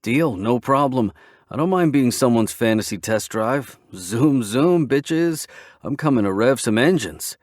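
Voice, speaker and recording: A man voicing a brash, excitable male biker who is cocky and crude, in a dry audiobook reading. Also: mid-range voice, measured pace, no echo, voice pushed up, close to an everyday voice. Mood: eager.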